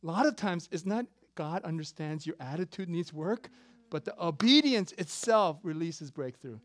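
Pastor in his fifties, a bit high-voiced and lively, dry close sound, jokey sermon delivery. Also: normal speed, no echo. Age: 50s. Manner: animated, jokey, swings between loud emphasis and quiet asides.

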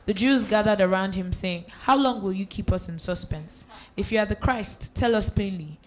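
Steady voice reading scripture aloud. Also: medium pitch, moderate pace, a little hiss or hum. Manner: steady reading with small slips and restarts. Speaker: scripture reader.

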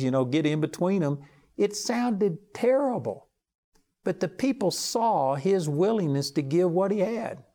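A man preaching a televised sermon, telling stories earnestly and rising for emphasis. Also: a little mellow. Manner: earnest storytelling, rises in pitch for emphasis.

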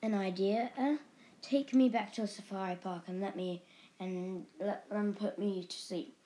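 A woman voicing an elderly male hyena who is weary but gentle, in a storybook reading. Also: mid-range voice, steady tone, close to an everyday voice. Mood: sleepy. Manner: drowsy, slow-spoken.

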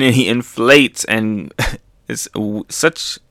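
A man's voice: on the low side, slow pace, dry recording, clean studio sound. A man casually reading through a comic chapter, adding his own sound effects and laughing as he goes. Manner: animated, makes sound effects, laughs often. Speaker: manga reaction host.

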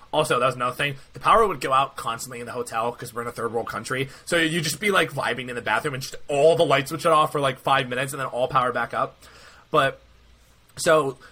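A man's voice: medium pitch, fast talker, breathy edge. A young man co-hosting a podcast, telling a long rambling story in casual chat and acting out what everyone said. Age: young adult. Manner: rambling, animated, quotes himself often. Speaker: podcast co-host.

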